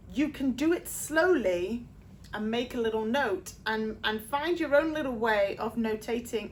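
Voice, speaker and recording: A woman coaching singers through sheet music, with a fairly high voice. She breaks each rhythm down patiently and now and then sings a short phrase to show it. A faint hiss sits under the recording. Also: lively intonation. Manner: explains slowly, sings short demo phrases. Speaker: vocal coach. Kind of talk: music theory lesson.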